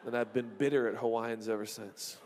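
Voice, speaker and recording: A man preaching a sermon as a pastor, telling a story with lively, acted-out exclamations and quick asides to the congregation. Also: mid-range voice, in a large hall, a little hiss or hum.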